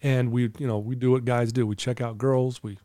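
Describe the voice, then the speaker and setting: A middle-aged man recounts his life story with open, earnest candor, sometimes choked with emotion. His tone is mellow and warm, recorded close in a dry, dead space. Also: mid-range voice, little pitch movement, fairly quick, dry recording. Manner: earnest, candid, storytelling with quoted inner thoughts. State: emotional, clearing his throat. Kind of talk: emotional personal testimony.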